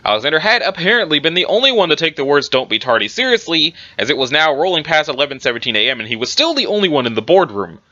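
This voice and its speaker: A man's voice: on the high side, sing-song, fast talker, few pauses, bright, forceful tone. A man reading a story aloud casually, breaking off for chatty asides and correcting himself. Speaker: story reader. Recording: muffled recording with background music.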